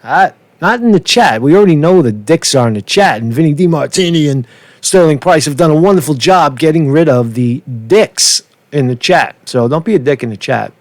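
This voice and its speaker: A man, his voice sitting a little above the usual male pitch, riffs on a casual livestream. He swears freely, repeats himself and keeps dropping "man" at the ends of lines. The sound is dry and close, with almost no room echo. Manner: swearing, fast and animated, repeats himself, says "man" a lot. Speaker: livestream host. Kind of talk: rambling casual livestream talk. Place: street in a big city.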